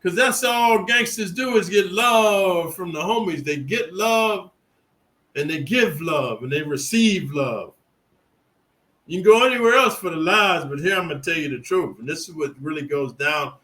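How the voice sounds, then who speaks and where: A middle-aged Californian man rambles through boastful, streetwise prison stories in a casual, profane monologue. His voice is high and bright, with lively intonation, a forceful tone, and a moderate pace. The audio quality is poor.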